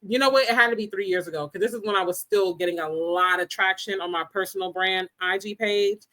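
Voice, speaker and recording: In a casual podcast chat, a woman co-host with a middle-range pitch tells animated stories and laughs easily and often. She trades lines with her co-host in a relaxed, conversational back-and-forth.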